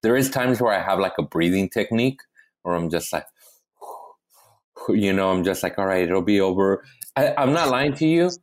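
A male comedian telling a story in a casual chat, animated and full of swearing, often restarting his sentences. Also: low voice, normal speed. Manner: animated, profane, keeps restarting. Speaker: comedian guest.

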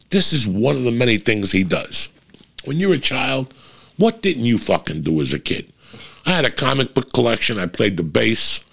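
A middle-aged man telling a long, casual, profane story about his kid. He gets louder and higher when he is worked up. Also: vocal fry.

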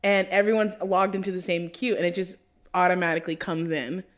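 A woman chatting casually on a podcast, relaxed and agreeable as she explains things. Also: fairly low pitch, fast talker. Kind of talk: casual chat.

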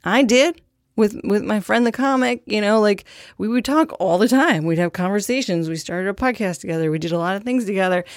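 A woman's voice: medium pitch, fairly quick, no echo, clean studio sound. A young woman hosting a podcast in a casual monologue, candid and profane, with a self-deprecating streak. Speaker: podcast host.

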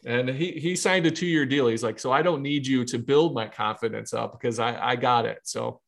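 A man in his thirties, a podcast co-host and former baseball pitcher, chatting casually and telling stories in which he acts out the dialogue and laughs along. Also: normal speed, creaky. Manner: animated storyteller acting out dialogue, laughing.

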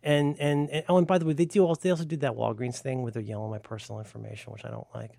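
A middle-aged podcast co-host tells a rambling, sardonic, profane story in casual conversation, his flat, creaky, warm voice racing along. He slips into high voices when quoting staff, and the studio-quality recording is dry.

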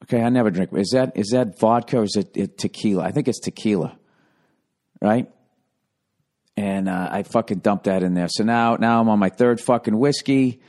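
A man hosting a podcast alone, telling a long story in a rambling, swearing way and now and then jumping up into high, mocking impressions of other people. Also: moderate pace, a little mellow. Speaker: podcast host. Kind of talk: casual storytelling monologue.

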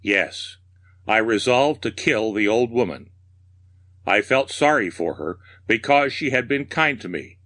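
A man narrating a horror story in a slow, deliberate delivery, giving every phrase room to land. His voice sits fairly low yet sounds bright and forceful, with a theatrical, ominous edge. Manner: measured, darkly theatrical narration. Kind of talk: dramatic reading of a horror tale.

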